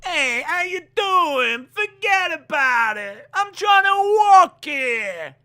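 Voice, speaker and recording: A man putting on a brash loud New York street guy. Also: extremely high pitch, big pitch swings, slow pace, voice pushed up, exaggerated voice. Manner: exaggerated drawling stereotype accent.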